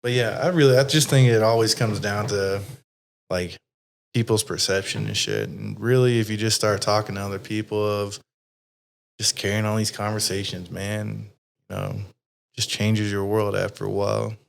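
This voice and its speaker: A man's voice: fairly low pitch, fairly even intonation, normal speed, gravelly. A man hosting an interview podcast, talking casually and rambling with plenty of swearing. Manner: rambling, frequently swearing, many fillers. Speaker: podcast host. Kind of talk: casual conversational chat.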